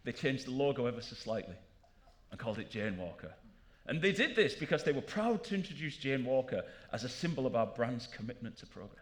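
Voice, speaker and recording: A man giving a jokey, animated conference talk to a live audience in a large room. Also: medium pitch, a little fast. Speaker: conference speaker.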